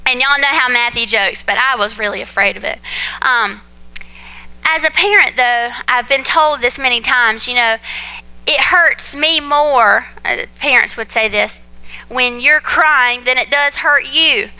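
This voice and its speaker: A young woman, preaching a sermon and telling personal stories in a chatty, animated way that speaks straight to the congregation. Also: fairly high pitch, unhurried, clean tone, low-quality recording. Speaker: pastor's wife preaching.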